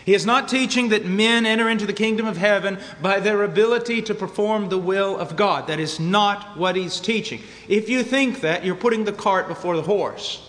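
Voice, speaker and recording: Preacher: American man, high tenor, emphatic sermon delivery, big echoing hall. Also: normal speed, hardly any pauses, fairly bright tone. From United States. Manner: emphatic, varies pace, repeats for stress. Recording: long hall reverb.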